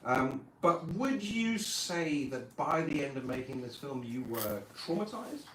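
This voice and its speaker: A man hosting a live podcast interview, quick and dry, teasing his guest. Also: medium pitch, very animated, fairly bright tone. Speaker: host. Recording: roomy live venue, distant mic, faint room noise.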